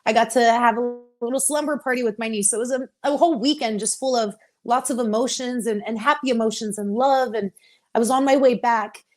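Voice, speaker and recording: A woman's voice: a little high, a little fast, faint music behind. A young woman from Texas, a professional wrestler, talking openly and emotionally in a casual interview, laughing often. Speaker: interview guest, pro wrestler.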